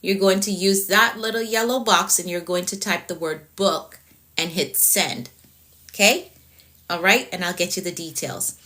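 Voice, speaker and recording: A woman with a Jamaican accent, a productivity coach talking fast on a live stream and checking in with "okay?" after nearly every point. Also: medium pitch, animated, bright, forceful tone.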